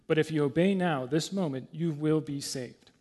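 A man's voice: on the high side, normal speed, a little mellow, natural voice. A man reading the part of a plain-spoken, earnest lay preacher who repeats himself bluntly, in a homely manner.

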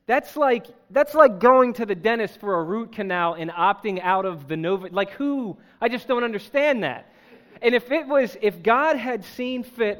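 A young adult man preaching in a church service, telling a personal story with self-deprecating humor and animated delivery. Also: high voice. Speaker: pastor. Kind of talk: sermon storytelling.

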